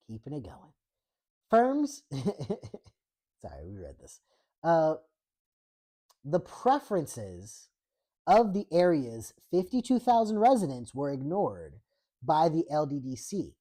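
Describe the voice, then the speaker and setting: A woman's voice: deep voice, mellow, husky. A woman hosting a book reading, breaking off often for sarcastic, profane political commentary. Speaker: host reading a book aloud.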